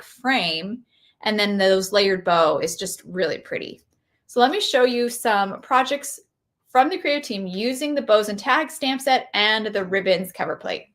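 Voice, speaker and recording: A woman's voice: medium pitch, fairly bright tone. A woman doing a casual live walkthrough of craft products, chatty and enthusiastic, gushing over each item.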